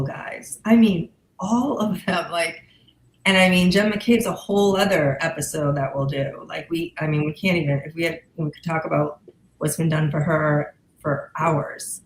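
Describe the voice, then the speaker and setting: A woman co-hosting a podcast in casual chat who speaks emphatically and repeats herself. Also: on the low side. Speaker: podcast co-host. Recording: echoey room, faint noise.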